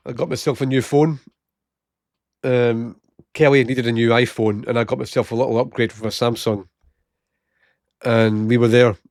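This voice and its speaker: A man's voice: medium pitch, steady tone, a little slow, long pauses, darkish tone, dry recording, clean studio sound. A Scottish man in his late thirties telling funny work stories casually, laughing often and acting out the people he quotes. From Scotland. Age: 30s. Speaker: vlogger. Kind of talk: casual storytelling.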